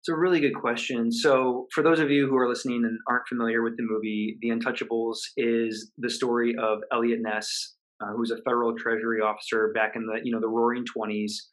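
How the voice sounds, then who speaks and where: A man, a coach and podcast guest, recounting a story in an earnest, measured way with pauses. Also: mid-range voice, little pitch movement, fairly bright tone, rough recording. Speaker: guest, high-performance coach. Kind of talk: storytelling interview answer.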